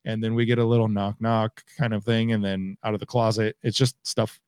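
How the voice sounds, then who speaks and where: A man's voice: on the low side, a little fast, clean tone, no room sound. A man co-hosting a podcast from home, talking casually and acting out his reactions. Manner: animated, acts out reactions in quotes. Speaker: podcast co-host. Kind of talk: casual chat. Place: home, remote recording.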